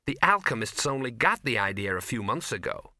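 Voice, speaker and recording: A man's voice: mid-range voice, sing-song, brisk, pushed and bright, no room sound, clean studio sound. A man reading aloud and voicing a confused, frightened young woman in an audiobook. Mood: uneasy. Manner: uncertain, small voice.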